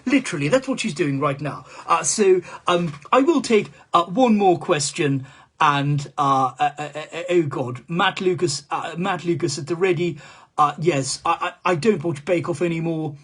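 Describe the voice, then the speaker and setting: A man's voice: fairly high pitch, moderate pace, a bit bright, husky. A male comedian doing a comic impression of a rambling, foul-mouthed male politician in a live-stream monologue, stammering and swearing as he goes.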